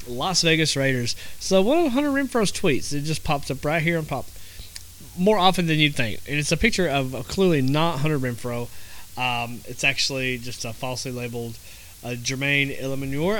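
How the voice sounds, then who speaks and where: A man's voice: medium pitch, a bit bright, slight background noise, low-quality recording. A man with a Southern American accent hosting a podcast in a casual, rambling monologue, repeating himself and using lots of fillers. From Southern United States. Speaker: podcast host.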